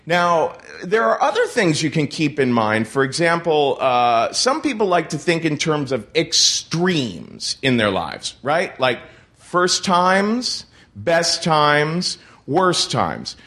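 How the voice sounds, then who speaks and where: A man's voice: fairly high pitch, very animated, slow pace, fairly bright tone. A man leading a workshop group, giving casual instructions with many fillers. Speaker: workshop facilitator.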